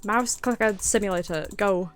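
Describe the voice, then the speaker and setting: A woman's voice: medium pitch, moderate pace. A British woman streaming a game, talking casually, exasperated and swearing, sometimes muttering under her breath. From Britain. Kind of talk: casual gameplay commentary.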